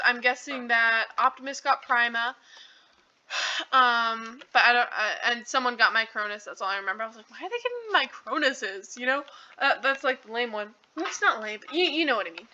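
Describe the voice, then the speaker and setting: A woman's voice: fairly high pitch, pushed and bright, clear, resonant tone. A woman recapping a movie in a casual, rambling way, full of "um" and "like". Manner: rambling, heavy on fillers and "like". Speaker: channel host. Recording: dull lo-fi recording.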